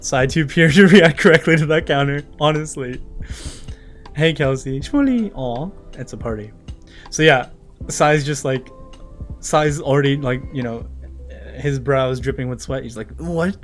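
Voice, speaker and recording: A man's voice: mid-range voice, moderate pace, faint music behind. Chatty man translating manga live. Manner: chatty, joking, swears, laughs often. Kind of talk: casual live reading and translating.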